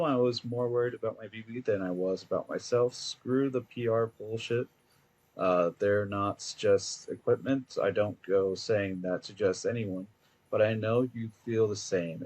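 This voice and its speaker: A heartfelt courier from a game, read aloud by a man, rambling and filling his pauses with "uh". The voice is on the lower side. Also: a little mellow, natural voice. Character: earnest emotional male courier.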